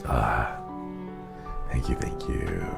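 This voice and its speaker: A man's voice: rumbling low, drawn-out words, gravelly. A male streamer chatting casually, tender and giggly, easily moved. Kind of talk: casual live-stream chat. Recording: background music under the voice. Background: soft background music.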